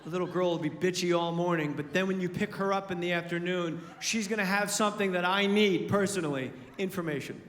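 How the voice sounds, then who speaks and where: A man doing a stand-up comedy set, telling animated stories and acting out both sides, swinging from muttering to shouting. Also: sits high, a little fast, hardly any pauses. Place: comedy club stage. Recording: live club recording, roomy hall reverb with audience laughter and noise.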